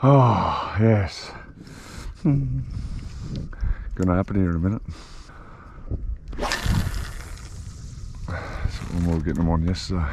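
An Australian man giving excited running commentary while fishing from a boat, swinging from loud shouts to low coaching mutters. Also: slow, vocal fry, pauses often, slight background noise. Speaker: fishing vlogger. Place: boat on the open sea, outdoors. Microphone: action camera.

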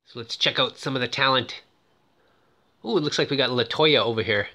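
A man retelling a movie plot in a casual, excitable way, with many fillers and quick put-on voices for the characters. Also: mid-range voice. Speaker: film recap presenter.

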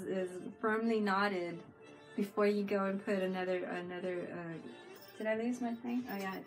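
Giggly woman streamer with music behind. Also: mid-range voice. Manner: chatty, giggly, talks to viewers in chat. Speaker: live streamer. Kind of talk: casual live-stream chat.

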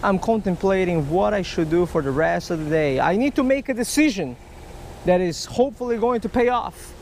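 A fairly high-pitched man talks his way through a fishing session out by a canal. He is chatty and explanatory, often tossing in a "right?" A faint outdoor hum and the odd passing car sit underneath. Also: expressive, normal speed, creaky, a little mellow. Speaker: fishing vlogger. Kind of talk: outdoor fishing vlog narration. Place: outdoors by a canal and creek on a hot day.

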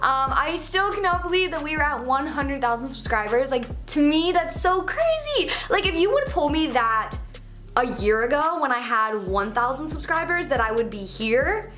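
Bright, high-voiced young woman signing off. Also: big pitch swings, moderate pace, faint music behind. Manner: upbeat, filler-heavy sign-off to viewers. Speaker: YouTuber. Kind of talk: casual vlog outro.

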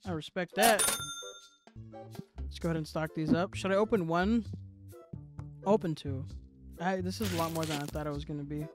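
A man's voice: a little high, moderate pace, pauses often, over loud music. A man giving playful, joking commentary as he plays a video game, bantering with the customers in the game. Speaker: gaming video creator.

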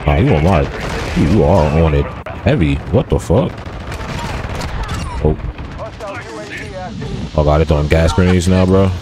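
Deep-voiced man reacting to gameplay, swearing. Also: unhurried, pauses often, background noise. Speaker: gaming YouTuber. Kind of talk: gameplay commentary. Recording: game gunfire behind voice.

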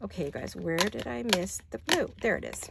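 A woman's voice: medium pitch, animated, brisk, vocal fry, heavy background noise. An older woman chatting casually while doing paper crafts at her desk, rambling with apologetic asides. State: hiccups.

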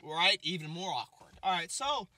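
Animated young male comic storyteller. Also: sits high, normal speed, no room sound. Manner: animated, expressive, swings between loud and muttered. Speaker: comedian vlogger.

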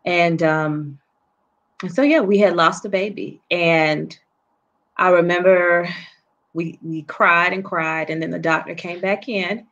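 A woman guest telling a painful personal story in an interview, speaking softly and haltingly with many pauses and restarts. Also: fairly low pitch, steady tone, dull audio. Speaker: guest author and poet.

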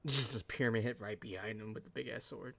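A man's voice: lowish voice, quick pace, creaky, a bit bright. A young man giving profane, joking let's-play commentary and laughing often. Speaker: gaming channel host.

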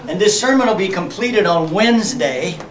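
A man's voice: sits high, lively intonation, normal speed, a little hiss or hum. A man preaching a sermon as pastor, folksy and joking, often laughing. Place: church sanctuary. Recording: echoey church sanctuary, mic from far off.

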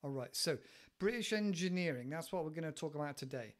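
Man, podcast host, casual chat, rambling, animated, repeated words, studio mic. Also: fairly high pitch, brisk. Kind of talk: casual English-learning podcast talk. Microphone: studio microphone with headphones.

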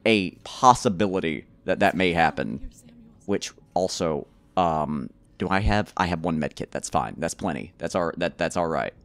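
A man giving let's play commentary on a horror game, rambling to himself with stammered restarts and sudden loud excited outbursts. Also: on the low side. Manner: rambling nervous self-talk, repeated stammered restarts. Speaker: gamer playing a horror game.

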